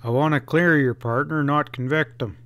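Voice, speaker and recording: A man's voice: a little high, fairly even intonation, normal speed, a bit bright. A man voicing a shrewd, folksy male Western sheriff in an audiobook, talking in drawled frontier slang. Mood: coaxing. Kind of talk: audiobook character reading.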